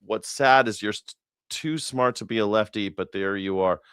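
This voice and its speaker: A lowish-voiced man from the States riffs through a casual news reaction talk, sarcastic and profane, often restarting his sentences. His voice sits fairly low and sounds close and dry, with no room around it. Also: moderate pace, a bit bright, clean tone, no echo. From United States. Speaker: independent news and culture commentator.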